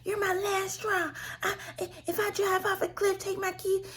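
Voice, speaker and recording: Woman doing a shrill, sobbing hysterical sister. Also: flat delivery, moderate pace, a bit bright. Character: frantic younger sister, adult woman, hysterical.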